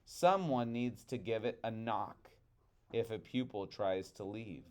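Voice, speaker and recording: Sly storybook trickster rabbit, pleading and persuasive, smooth clear tone, unhurried, read by a man. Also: fairly low pitch, darkish tone, close to an everyday voice. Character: sly quick-talking male trickster rabbit.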